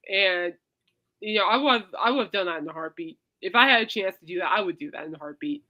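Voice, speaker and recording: Speaking quickly in a mid-range voice, a woman runs her own podcast, where she tells rambling stories in a casual chat. Her animated storytelling swings from loud to soft, and she keeps addressing listeners as "people."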